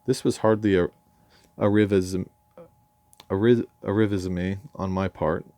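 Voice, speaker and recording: A deep-voiced English man reads his memoir aloud with dry irony and erudition. His tone is mellow and dark, and the recording is close and dry. Now and then he trips over a word and corrects himself. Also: steady tone, measured pace, no echo. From England. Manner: dry, ironic and erudite, with occasional stumbles over words. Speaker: memoir narrator.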